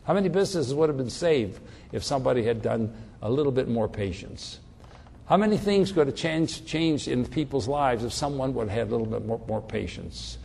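A man preaching a sermon, telling the story with animated delivery and frequent restarts. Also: medium pitch, fairly quick, gravelly, slight background noise.

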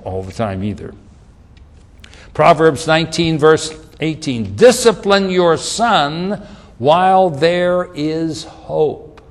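A middle-aged man preaching a sermon, emphatic, repeating phrases and slowing down on scripture. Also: medium pitch. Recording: long hall reverb.

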